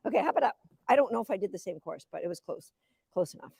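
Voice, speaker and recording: A woman in her fifties, a dog agility coach giving a live teaching demo, chatty and energetic, cheering the dog on. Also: medium pitch, quick pace, gravelly, slightly rough, dry recording, clean studio sound.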